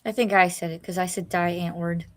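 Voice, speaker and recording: A woman's voice: lowish voice, steady tone, fast. A woman co-hosting a livestream, chatting casually and mostly giving short agreeing replies. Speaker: livestream co-host. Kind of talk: casual chat.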